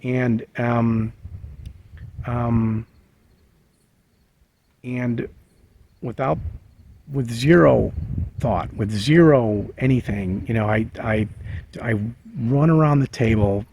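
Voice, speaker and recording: A man casually telling a personal story, halting with many fillers and restarts. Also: mid-range voice, gravelly, darkish tone. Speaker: vlogger sharing a memory. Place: living in a bus.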